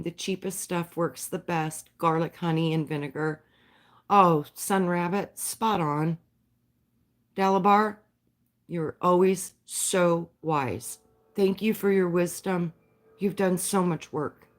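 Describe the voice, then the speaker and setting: A woman hosting a livestream, talking to her viewers in a heartfelt, spiritual way. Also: fairly low pitch. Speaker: livestream host. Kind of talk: casual livestream chat with viewers.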